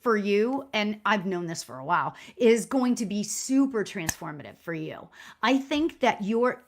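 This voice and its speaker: Woman medium doing a live stream reading, super chatty and encouraging, fillers everywhere. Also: mid-range voice. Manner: chatty, filler-heavy, repeats "you know"; warm and encouraging toward viewers. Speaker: spiritual medium. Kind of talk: live online psychic reading.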